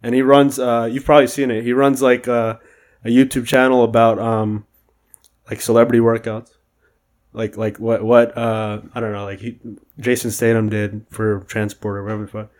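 Young guy talking flat and monotone, lots of uhs, just chatting. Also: medium pitch, moderate pace. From United States. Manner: monotone, hesitant with fillers. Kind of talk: casual chat.

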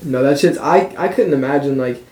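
A young man co-hosting a casual podcast chat, firing quick questions and reacting to stories. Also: mid-range voice, dark tone, distant mic. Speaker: podcast co-host. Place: attic room. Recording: roomy echo, off mic.

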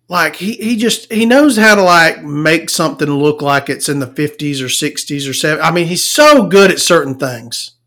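A woman's voice: lowish voice, fairly bright tone. Cussing woman doing a snarky movie rant at home, voice swoops up and down a lot. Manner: profane, sarcastic, exasperated. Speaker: movie reviewer. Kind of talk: casual ranting review. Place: at home in a recliner.

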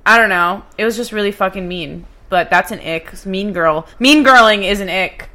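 A woman's voice: mid-range voice, moderate pace, bright, forceful tone. A young woman co-hosting a podcast, chatting casually in a blunt, sweary, opinionated way. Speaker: podcast co-host. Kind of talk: casual chat.

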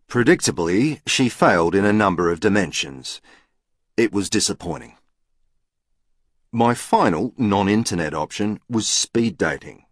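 A man's voice: low voice, dry recording, studio quality. A man narrating a novel in the first person with a precise, matter-of-fact manner. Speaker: audiobook narrator.

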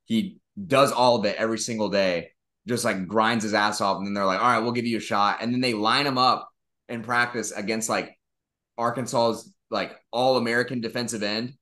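A man co-hosting a podcast tells rambling, profane sports stories in casual chat and acts out the quotes. His voice is on the low side and bright, with a forceful tone, fairly even intonation, and a fairly quick pace.

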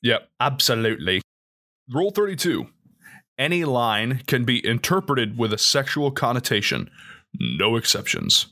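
A man's voice: mid-range voice, big pitch swings, moderate pace, sharp tone. A young man co-hosting a casual podcast, reading rules aloud and adding jokey asides. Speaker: podcast co-host. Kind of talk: casual chat.

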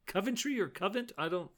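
A man's voice: high-pitched, a bit bright. A man co-hosting a podcast, casually recapping a show episode, laughing often and quoting the characters' lines. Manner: laid-back, laughs often, retells scenes with quoted lines. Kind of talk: casual chat.

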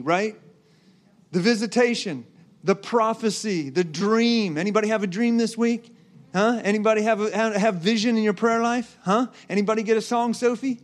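A man preaching a sermon, driving his points with repeated rhetorical questions to the congregation. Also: sits high. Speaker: pastor.

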